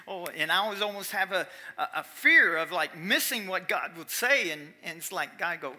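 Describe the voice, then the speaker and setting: A man preaching a sermon in church, animated, swinging from quiet asides to loud emphatic calls. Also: high-pitched, moderate pace, few pauses. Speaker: pastor.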